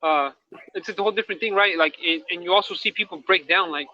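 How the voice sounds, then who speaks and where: Pushed and bright, this man's high voice moves at a quick pace with no room sound as he co-hosts a candid, casual talk show, rambling in slang and checking in with "right?". He is a podcast co-host and incarcerated dog trainer, recorded with dull lo-fi sound.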